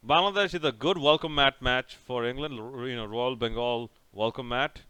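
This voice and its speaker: A man's voice: medium pitch, moderate pace, sharp tone, clean tone, dry recording. A young man casually recapping a cricket match over by over, rambling and sarcastic, with many restarts. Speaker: cricket reviewer.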